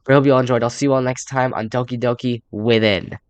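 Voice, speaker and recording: A man's voice: mid-range voice, steady tone, fast talker, no room sound. A young man giving casual, rambling let's play commentary and reading game text aloud, with upbeat sign-offs. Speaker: gaming YouTuber.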